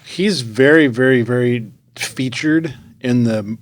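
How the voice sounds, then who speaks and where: A man co-hosting a casual fitness podcast, excitable and jokey, often stumbling and restarting his sentences. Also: medium pitch, takes it slowly. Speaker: podcast co-host. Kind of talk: casual chat.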